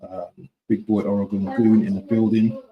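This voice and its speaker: A man's voice: lowish voice, little pitch movement, normal speed, lo-fi sound, slight background noise. A man from talking casually to his viewers on a live stream, repeating himself and often asking "yeah?". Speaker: football fan streamer.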